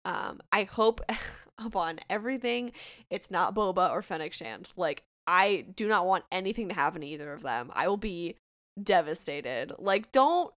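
A woman's voice: fairly low pitch, moderate pace. A chatty woman co-hosting a fan podcast, her voice bouncing up and down as she talks things through. She laughs easily and keeps the talk casual. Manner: chatty, animated, laughs often. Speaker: podcast co-host.

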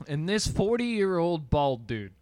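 A young man co-hosting a podcast, telling a rambling story in a laid-back way with deadpan asides. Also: a little high, takes it slowly, dry recording. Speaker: podcast co-host. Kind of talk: casual storytelling.

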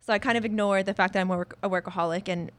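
A young woman talks at a brisk clip, words tumbling out in a chatty, unguarded way. She's a musician in casual interview conversation, often breaking into laughter. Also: mid-range voice, steady tone, no echo. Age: 20s. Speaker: musician guest.

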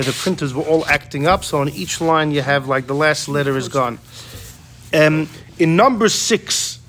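Teaching a casual Torah class to a room of students, a man with a slightly high voice acts out the quotes he explains. He is animated and often restarts his sentences, with a little background noise audible.

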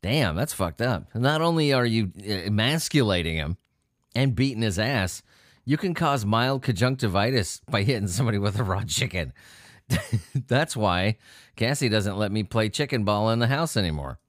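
A man's voice: fairly low pitch, lively intonation, moderate pace, no room sound, studio quality. A man reading odd news stories aloud and joking about them in a casual, profane way, often laughing as he reads. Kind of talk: casual solo commentary on news.

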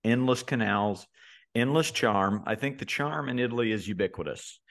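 A man, co-hosting a podcast and telling a story in a relaxed way, with lots of fillers and restarts. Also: medium pitch, normal speed, creaky. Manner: laid-back storyteller, many fillers and restarts. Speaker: podcast co-host. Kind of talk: casual podcast chat.

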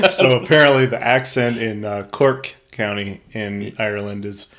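A man's voice: fairly low pitch, lively intonation, slow pace, a bit bright. A man co-hosting a podcast, telling stories in an easygoing casual chat and laughing often. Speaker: podcast co-host.

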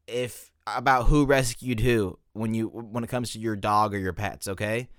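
A young man hosting a solo podcast, rambling and animated in a casual rant full of fillers. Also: on the low side, normal speed, few pauses, dry recording, clean studio sound. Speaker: podcast host.

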